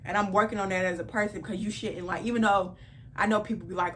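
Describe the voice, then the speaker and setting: A woman in her twenties telling a personal story in a casual vlog, animated and repeating phrases for emphasis. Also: medium pitch, quick pace, a little hiss or hum. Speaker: vlogger.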